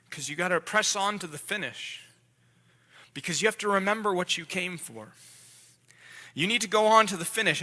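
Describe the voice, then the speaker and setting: God the Father speaks urgently and tenderly to his son, voiced by a man in a sermon, repeating his words as he presses on. The voice sits high and very bright. A long hall reverb trails every phrase. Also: full character voice. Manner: intense, pleading, repeats words. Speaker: pastor. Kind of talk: dramatic sermon role-play. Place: church sanctuary.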